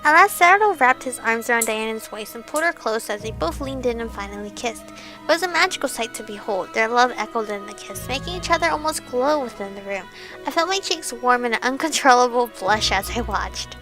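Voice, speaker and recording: A young woman with a high, bright voice reads a romance game's story aloud, breaking in to gush over the scenes. She sounds giggly and emotional, with quiet game music in the background. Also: lively intonation, brisk. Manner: gushing, giggly, emotional reactions. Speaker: let's play host. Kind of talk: reading a visual novel aloud with reactions.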